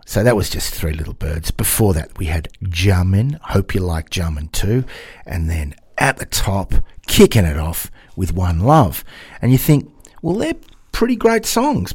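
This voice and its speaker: A man's voice: sits low, creaky, a little mellow, husky, no echo, clean studio sound. A man in his fifties presenting a radio music show, chatting in a rambling, jokey way between songs. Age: 50s.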